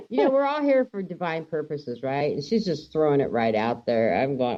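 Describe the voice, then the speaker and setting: Woman host, lively swooping pitch, mellow tone, giggly and moved, dull lo-fi sound. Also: normal speed, long pauses. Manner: animated, giggly, emotional, stumbling restarts. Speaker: radio show host. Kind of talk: casual radio interview. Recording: dull lo-fi line.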